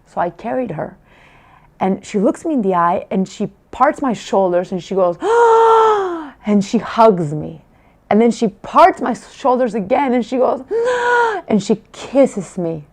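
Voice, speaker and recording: A woman's voice: mid-range voice, animated, unhurried, vocal fry, a little mellow. Heartfelt woman telling a family story. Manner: emotional, heartfelt, with many restarts. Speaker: parent giving a testimonial. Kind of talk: personal testimonial storytelling.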